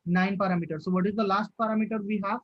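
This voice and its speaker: High-voiced man teaching a live online class. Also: fairly even intonation, very fast, no room sound, lo-fi sound. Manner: asks the class questions and repeats himself. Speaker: instructor. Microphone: video call.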